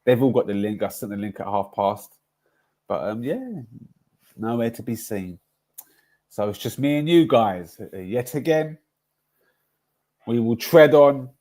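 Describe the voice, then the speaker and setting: A man's voice: medium pitch, expressive, measured pace, pauses often, a little mellow. A man hosting a casual football livestream, chatty and rambling, often laughing at his own stories. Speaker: livestream host.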